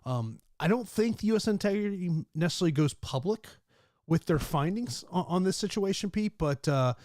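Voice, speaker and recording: A man's voice: high voice, expressive, normal speed, a little mellow, no room sound, studio quality. A man hosting a casual fight betting talk show, speaking conversationally with many fillers. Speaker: host and MMA analyst. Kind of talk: casual sports betting chat.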